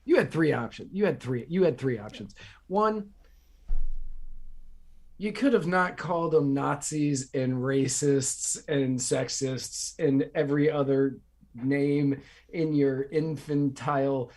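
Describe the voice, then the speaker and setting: A man's voice: medium pitch, slow, a little mellow. A man hosting a political podcast, ranting sarcastically and repeating himself for emphasis. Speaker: podcast host. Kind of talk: casual political commentary.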